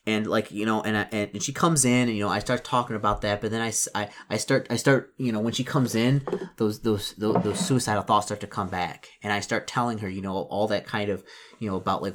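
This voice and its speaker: Halting man narrating a solo role-play. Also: lowish voice, fairly even intonation, a bit bright. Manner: halting, full of repetitions and restarts. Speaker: solo tabletop role-player. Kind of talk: narrating a solo tabletop game with dice rolls.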